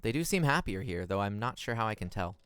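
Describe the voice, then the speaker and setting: A man's voice: on the low side, big pitch swings, quick pace, fairly bright tone, clean tone, dry recording. A man streaming a video game, commenting casually and reading game text aloud in a playful, goofy way.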